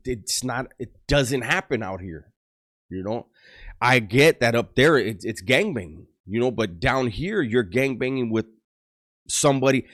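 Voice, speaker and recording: A man telling street and prison stories in casual slang, full of restarts and gruff quoted voices. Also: mid-range voice. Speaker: storyteller on a channel. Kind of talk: casual storytelling.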